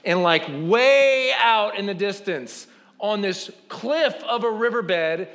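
Animated man telling a sermon story. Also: high voice, takes it slowly. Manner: animated, self-deprecating, acts out quotes.

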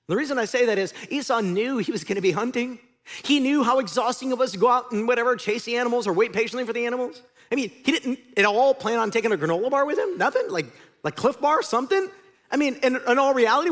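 A middle-aged man preaching a sermon as pastor, animated, sometimes shouting and sometimes dropping to a quiet, intense tone. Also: high voice.

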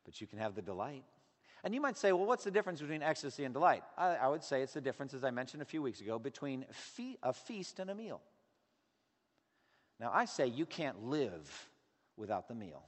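A man preaching a sermon as pastor, earnest and emphatic, sometimes loud and sometimes dropping low. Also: sing-song, brisk. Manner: earnest, emphatic preaching with a wide range of loudness. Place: church sanctuary. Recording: long hall reverb.

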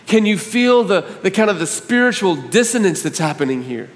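Impassioned high-voiced preacher in a hall. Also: male voice, sing-song, normal speed, hardly any pauses. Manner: impassioned, rising to near shouts when reading scripture. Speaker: pastor. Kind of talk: sermon.

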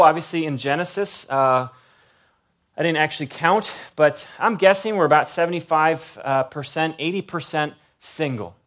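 A man's voice: a little high, fairly bright tone. A man preaching a conversational sermon in a loose, rambling way, with lots of "like" and restarts. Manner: casual, rambling, peppered with "like". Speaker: pastor.

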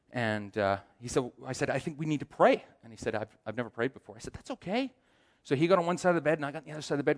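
A man telling a personal testimony as a sermon, acting out the voices of the people in his story. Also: mid-range voice. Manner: animated storyteller, acts out quoted voices. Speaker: aspiring chaplain giving a testimony.

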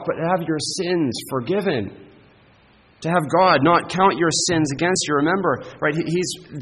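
Husky-voiced pastor preaching in reverberant hall. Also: male voice, medium pitch. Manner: earnest, emphatic, with frequent rhetorical "right?". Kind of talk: sermon.

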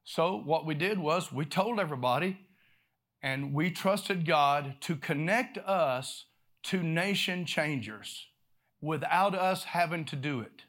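A man preaching a sermon in a voice pitched a little above most men's. He tells his story with animated energy, repeating himself and swinging between loud bursts and hushed passages.

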